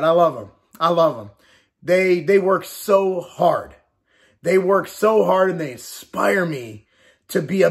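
A man in his forties talking straight to camera in a casual vlog, blunt and emphatic, swearing and repeating his points. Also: high voice. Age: 40s. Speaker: fitness company owner and bodybuilder.

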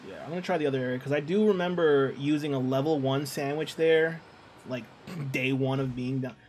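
A man with a mid-range, slightly mellow voice talks fairly quickly while streaming a game, with slight background noise. He's chatty and joking, talking to his chat and reading their messages as he plays.

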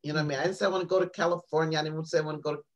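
A woman, a poet and author, telling a long personal story on an interview show in a rambling, animated way, full of fillers and restarts. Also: low-pitched, racing, dull audio.

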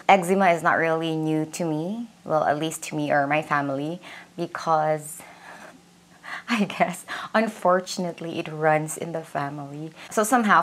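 A woman's voice: low-pitched, a bit bright. A young Filipino woman with a Cebuano accent, chatting casually at home about her skincare and mixing Cebuano words into her English. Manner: chatty, mixes Cebuano into English, many fillers and "like". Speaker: beauty vlogger. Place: indoors at home.

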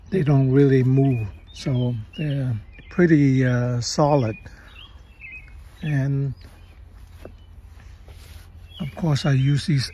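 A man giving an unhurried, casual show-and-tell narration of his setup in a garage and yard, with pauses and fillers. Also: mid-range voice, mellow, dull audio, a little hiss or hum. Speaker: DIY video maker. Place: garage and yard, partly outdoors.

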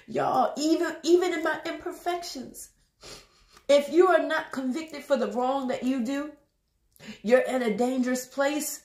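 Crying woman preaching, high voice. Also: unhurried, darkish tone, echoey room. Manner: emotional, repetitive, exhorting. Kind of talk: tearful spoken testimony.

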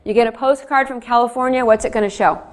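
A woman's voice: fairly high pitch, fast talker. Chatty woman author telling family stories. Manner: chatty, addresses audience directly, animated asides. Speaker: author giving a lecture. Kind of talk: public lecture, storytelling.

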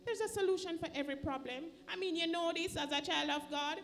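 A woman's voice: very high voice, fast, fairly bright tone. Jamaican lady telling her testimony at church, emotional, plays out what people said, faint hiss behind her. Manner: emotional storytelling, acts out quoted voices. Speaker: church member giving testimony. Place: church sanctuary.

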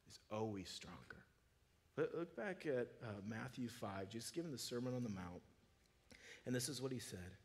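A man preaching a sermon in a church, talking casually with restarts, then swelling from quiet low asides to loud, high, urgent peaks. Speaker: pastor. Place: church sanctuary.

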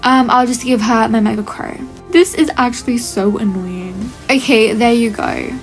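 A woman's voice: a little high, moderate pace, faint music behind. A young woman commenting on her gameplay to viewers in a chatty, often exasperated way. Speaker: gaming video creator.

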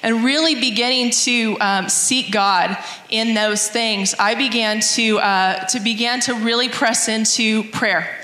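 In a church hall with long, echoey reverb, a mother gives a testimony about how prayer changed her as a mother, reading scripture aloud. Her earnest, reflective voice is fairly high and sharp, a little slow and fairly even in intonation, with few pauses.

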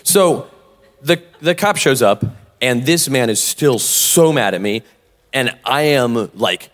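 A man co-hosting a live podcast, telling a story in a lively, animated way. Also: mid-range voice, a little slow. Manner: animated, acts out both sides of quoted exchanges. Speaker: podcast co-host. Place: convention stage with long reverb. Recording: live hall reverb.

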